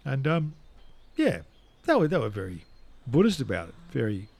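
A man's voice: mid-range voice, huge pitch swings, moderate pace, gravelly, a little mellow. Playful man hosting radio. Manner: playful, jokey, bursts into mock outrage. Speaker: radio host. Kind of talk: casual radio chat.

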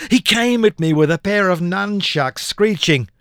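A man's voice: high voice, animated, unhurried, fairly bright tone, clear, resonant tone, dry recording, studio quality. A man, a poet, performing his comic poem with a theatrical delivery and big dramatic swings in his voice. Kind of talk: performance poetry reading.

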